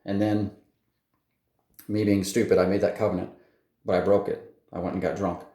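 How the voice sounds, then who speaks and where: A man with a low, mellow voice tells his personal faith testimony off the cuff. He speaks haltingly, full of fillers and restarts. The recording sounds echoey, as if made in a bare room. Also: flat delivery.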